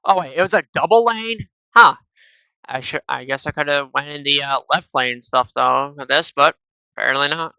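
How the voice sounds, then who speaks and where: At normal speed, a man with a slightly high, creaky voice, pushed bright yet clean in tone, gives casual gameplay commentary into a gaming headset from his home PC. A gaming video creator, he rambles chattily to viewers, sticking "though" and "and stuff" on nearly every phrase. The recording is rough with no room sound.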